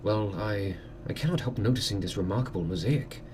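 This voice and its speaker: A man's voice: lowish voice, fairly quick, a little mellow, a little hiss or hum, pitched below the performer's own voice, natural voice. A man voicing a polite, reserved Victorian male doctor who asks formal questions.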